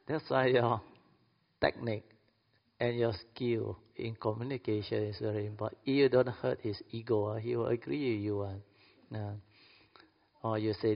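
A man's voice: on the low side, steady tone, measured pace, gravelly, long pauses. Playful Malaysian man preaching in an echoey hall. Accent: Malaysian English. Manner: playful, laughs often, acts out little quoted dialogues. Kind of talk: sermon to an audience. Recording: echoey hall, dull lo-fi sound.

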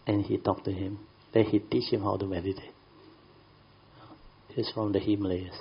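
A man's voice: on the low side, flat delivery, normal speed, husky, highs cut off. A man telling a rambling story to a group, with many fillers and colloquial grammar. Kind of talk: casual storytelling.

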